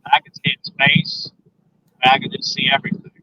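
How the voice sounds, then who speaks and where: A man, a guest on a phone interview, recounting an encounter in a halting, emphatic way with repeated words. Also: medium pitch, level tone, sharp tone. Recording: dull lo-fi phone line.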